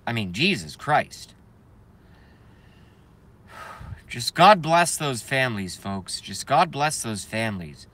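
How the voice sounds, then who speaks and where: A man's voice: mid-range voice, very animated, slow pace, pauses often, a bit bright. A man hosting a live stream, ranting heatedly and emphatically and repeating his phrases for effect. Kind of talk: impassioned live-stream rant.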